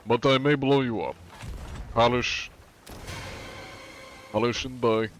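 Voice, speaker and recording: A young man putting on a gruff, menacing voice with a fake Russian accent and stiff broken English. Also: medium pitch, fairly even intonation, takes it slowly, a little hiss or hum, lightly acted. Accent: put-on Russian.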